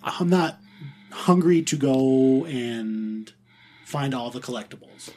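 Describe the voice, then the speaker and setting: A man's voice: mid-range voice, expressive, slow, warm tone. A man co-hosting a gaming podcast, talking in an easygoing, casual way. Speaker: podcast co-host.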